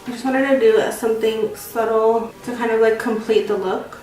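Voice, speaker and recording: Doing her makeup on camera, a beauty vlogger in her twenties chats in a rambling, self-deprecating way. Her fairly high voice is a little mellow, with fairly even intonation and a normal speed. Soft music plays in the background, and she sounds far off in a very echoey room.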